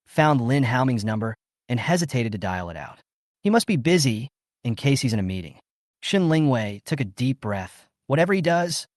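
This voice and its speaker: A man reading a scripted story recap in steady storytelling narration. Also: medium pitch, dry recording, clean studio sound.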